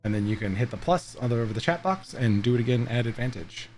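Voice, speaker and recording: A man running a tabletop game online as game master, explaining rules and narrating in a relaxed way with plenty of fillers. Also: medium pitch, fast, faint music behind.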